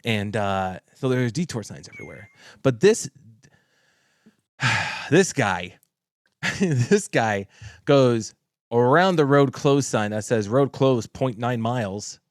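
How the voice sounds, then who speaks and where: A man's voice: mid-range voice, lively intonation, slow pace, pauses often, dry recording, clean studio sound. A man co-hosting a podcast, telling a swear-laden story in casual chat and laughing as he talks. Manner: profane, storytelling, laughs often. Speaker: podcast co-host.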